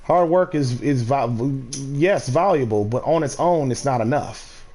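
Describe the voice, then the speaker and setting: A man's voice: mid-range voice, measured pace, darkish tone, slight background noise. A man streaming a game, ranting casually in a rambling, profane way with many restarts. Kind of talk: casual ranting while gaming.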